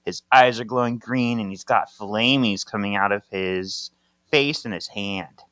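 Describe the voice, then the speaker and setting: A man's voice: lowish voice, unhurried, a bit bright, clear, resonant tone, no echo. A man co-hosting a podcast, casually describing comic pages, laughing often and acting out quoted lines. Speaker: podcast co-host. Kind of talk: casual chat recapping a comic.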